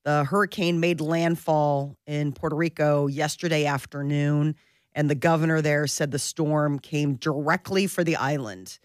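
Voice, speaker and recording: A lower-pitched woman hosting morning radio, talking loosely and chattily and laughing easily. The recording is dry and close, with no room sound at all. Her delivery stays relaxed and informal. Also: a little slow, no echo. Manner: chatty, lots of "like" and restarts, laughs often. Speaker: morning show co-host reading news. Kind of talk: casual morning radio chat.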